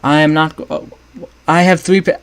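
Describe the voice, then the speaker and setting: A man's voice: on the high side, little pitch movement, moderate pace, creaky, clean tone. Man thinking aloud while streaming. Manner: thinks aloud, restarts often, chats with viewers. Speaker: streamer building a game map. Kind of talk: casual livestream commentary.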